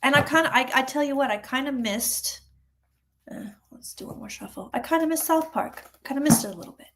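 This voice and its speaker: Woman psychic, livestream host, higher voice, casual and chatty, throws in little acted quotes. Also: a little fast. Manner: chatty, animated, acts out voices of people. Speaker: psychic reading tarot on a livestream.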